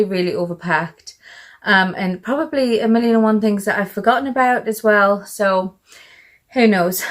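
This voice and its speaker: A British woman chatting through a casual show-and-tell vlog, a little out of breath, rambling with fillers and asides. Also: mid-range voice. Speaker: vlogger.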